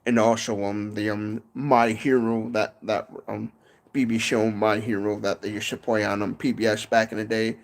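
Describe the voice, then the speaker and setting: A man's voice: on the low side, level tone, moderate pace. A man with a Michigan accent chatting casually on a livestream from his porch, rambling and often tacking on "and stuff". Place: home porch, outdoors.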